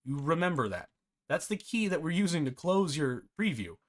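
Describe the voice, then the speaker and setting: A man's voice: a little high, sing-song, normal speed. A man hosting a live-streamed game development tutorial, chatty and self-deprecating, often breaking into laughter.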